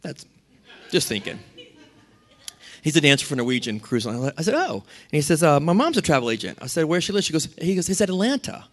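A man preaches a sermon in a voice a bit higher than most men's. He tells stories with lively asides and acts out the lines of other people. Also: fast, few pauses. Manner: storytelling with lively asides and acted-out quotes. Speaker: pastor.

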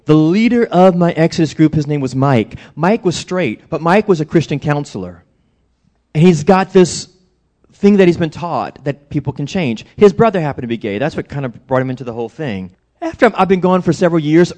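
A middle-aged man, a pastor, preaching a sermon and telling stories with acted-out quotes. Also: mid-range voice. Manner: animated storytelling with acted-out quotes.

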